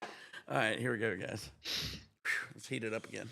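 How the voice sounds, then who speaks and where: A man chatting on his own livestream, excitable and swearing freely, with breathless exclamations between his remarks. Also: on the low side, a little slow, creaky, a little hiss or hum. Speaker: livestream gamer. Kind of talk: excited casual livestream chat.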